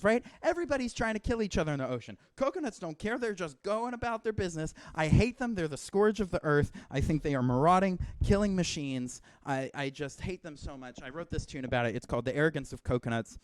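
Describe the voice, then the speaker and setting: A young man on stage, a performer giving comic banter between pieces with deadpan fake outrage that swings from muttering to loud ranting. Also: sits high, no echo. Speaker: performer introducing his music. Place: Hawaii.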